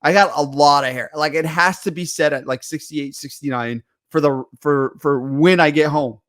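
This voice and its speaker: A man with a fairly high voice co-hosting a casual podcast. He rants with animated energy and swears freely. The sound is dry and close. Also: normal speed, dry recording. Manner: animated, swears a lot, ranting banter. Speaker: podcast co-host. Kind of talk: casual chat.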